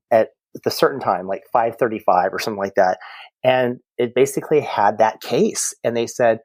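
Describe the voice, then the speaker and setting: A man's voice: mid-range voice, no echo. A man who works as a medium, chatting as a podcast guest and telling stories animatedly, acting out the conversations. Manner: animated, acts out quoted exchanges, many restarts. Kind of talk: casual storytelling chat.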